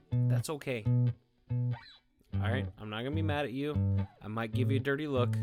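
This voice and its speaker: A male music teacher giving a guitar lesson to his students. He keeps asking "okay?" and "all right?" and cheers them on. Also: medium pitch. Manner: encouraging, checks in with "okay?" and "all right?" often. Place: indoors, playing guitar.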